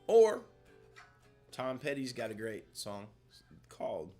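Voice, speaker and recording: A man co-hosting a live stream in laid-back, rambling chat that often trails off quietly. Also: mid-range voice, very animated, takes it slowly, soft background music. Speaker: co-host of a guitar shop live stream. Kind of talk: casual chat.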